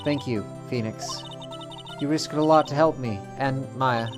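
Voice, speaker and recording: A man voicing a calm, kind woman mentor spirit who speaks gently and softly, with light music behind. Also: mid-range voice, measured pace, natural voice. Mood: gentle.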